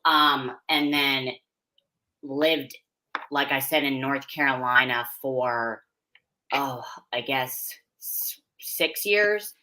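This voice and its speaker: A woman's voice: extremely low pitch, very slow, bright, forceful tone, rough recording. A young adult woman from Pennsylvania, chatting candidly as an interview guest and laughing easily. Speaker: interview guest, figure competitor and posing coach. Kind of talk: casual interview chat.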